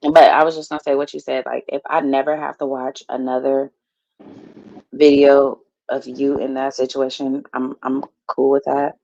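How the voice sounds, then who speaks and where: A woman's voice: extremely low pitch, little pitch movement, normal speed, vocal fry, mellow. A woman hosting a live stream in casual chat, blunt and easily exasperated, swearing at her viewers. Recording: dull lo-fi stream audio.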